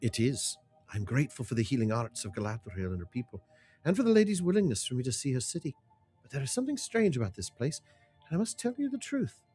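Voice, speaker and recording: A man's voice: medium pitch, big pitch swings, fast, dark tone, breathy edge, faint music behind. A man reading a blunt, loyal warrior's quest lines in a formal, solemn way.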